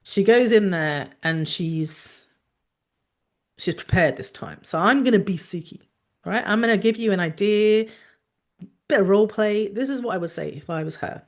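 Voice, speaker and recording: A woman doctor hosting a talk, explaining frankly in a chatty way with lively asides. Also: mid-range voice, moderate pace. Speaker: doctor and podcast host.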